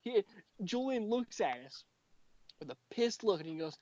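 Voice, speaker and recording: A man's voice: high voice, animated, normal speed, dry recording. A young man hosting a casual podcast, telling a school story with lots of swearing and acting out what his friends said. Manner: profane, mocking, acts out quotes of friends. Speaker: podcast host. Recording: dull lo-fi home recording.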